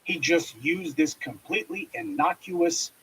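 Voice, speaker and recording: Man, political commentary, husky voice, fairly high pitch, scornful, lecturing. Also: unhurried, a bit bright, rough recording. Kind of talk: commentary monologue.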